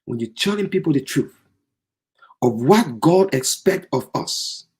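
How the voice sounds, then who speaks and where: A man preaching an impassioned sermon, often bursting into shouts. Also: a little high, animated, unhurried, breathy edge.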